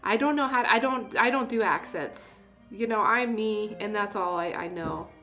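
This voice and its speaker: A woman's voice: medium pitch, moderate pace. A woman hosting a casual tea livestream, chatty and self-deprecating, laughing at her own jokes. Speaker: tea seller hosting a live stream. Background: soft classical music.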